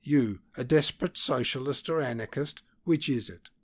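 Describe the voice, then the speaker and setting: Sneering, condescending young diplomat for a storybook reading, sharp and raised in pitch, as a male narrator puts him on. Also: normal speed, natural voice. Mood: mocking.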